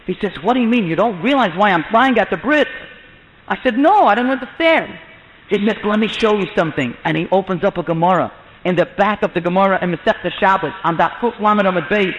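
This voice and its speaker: A man with a strikingly high voice tells an inspirational religious story, lively and animated as he acts out the people in it. The sound is muffled, and it carries a long echo from a large hall. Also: slight background noise. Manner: animated, acts out quoted voices with rising pitch. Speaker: storyteller, mohel. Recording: muffled lecture in a reverberant hall.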